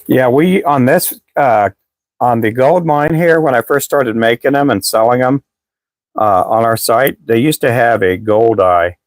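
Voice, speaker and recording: A man hosts a casual live stream selling fishing lures, chatting with viewers in a rambling way, often restarting sentences, and saying he is losing his voice. His medium-pitched voice moves a little slowly, with no room sound.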